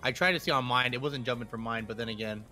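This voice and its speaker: A man's voice: mid-range voice, fast, pushed and bright, soft background music. A man co-hosting a casual podcast, joking around and laughing often. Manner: jokey, laughing. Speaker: podcast co-host. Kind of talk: casual chat.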